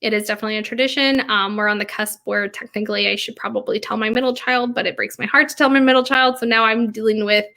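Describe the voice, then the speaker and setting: A woman in her thirties, a bakery owner, chatting casually about family traditions, rambling and laughing, sometimes talking quietly. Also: fairly high pitch, fairly even intonation, quick pace, few pauses. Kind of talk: casual chat.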